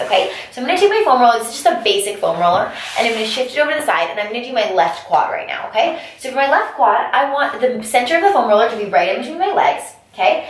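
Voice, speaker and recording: A woman fitness instructor talks viewers through an exercise while she does it on the floor. Her coaching is upbeat and direct. Her voice sits at an ordinary middle pitch, recorded from a distance in a very echoey room. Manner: upbeat coaching, addresses viewers as you guys. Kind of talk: instructional workout video. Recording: very echoey room, mic far off.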